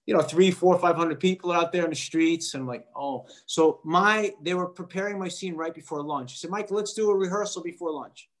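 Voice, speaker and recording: A middle-aged man tells a story as an interview guest, fairly high for a man's voice. He is animated and brings the people in his story to life by acting out their lines. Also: a little fast, few pauses. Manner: animated, acts out quoted voices. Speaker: actor guest.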